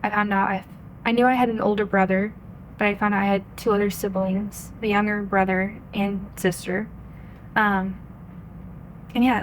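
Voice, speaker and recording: A woman's voice: medium pitch, slight background noise. Earnest young woman telling a faith story. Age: 20s. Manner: earnest, chatty, full of "like" and quoted inner thoughts. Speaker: podcast guest. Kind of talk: personal faith story in a casual interview.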